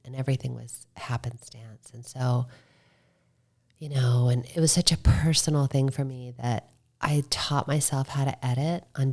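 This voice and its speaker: A woman filmmaker chatting as a podcast guest, telling lively stories and quoting herself. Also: extremely low pitch. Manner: animated storytelling, quotes herself. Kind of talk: casual interview chat.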